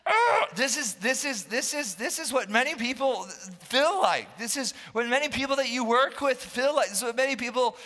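High, bright-voiced pastor preaching. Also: male voice, normal speed, few pauses. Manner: passionate, often yelling, jokes with the congregation. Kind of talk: sermon. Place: church hall. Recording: long reverb of a church hall.

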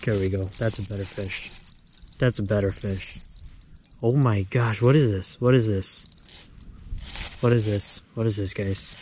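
A man hosting a fishing vlog outdoors, talking casually to viewers and getting excitable and exclamatory over his catches. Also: fairly low pitch, measured pace, pauses often, noisy background. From US Midwest. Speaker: fishing vlogger. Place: outdoors on the ice.

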